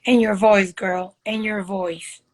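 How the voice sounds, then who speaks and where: A woman's voice: mid-range voice, fairly even intonation, takes it slowly. A woman in her thirties chatting casually and rambling on a live video call about modeling. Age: 30s. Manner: chatty, rambling, talks directly to the host. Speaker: model and guest.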